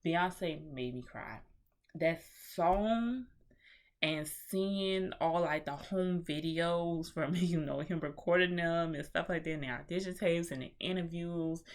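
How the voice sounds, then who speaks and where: A woman giving a chatty, animated movie review in a casual vlog, with slang and swearing. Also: fairly low pitch, takes it slowly.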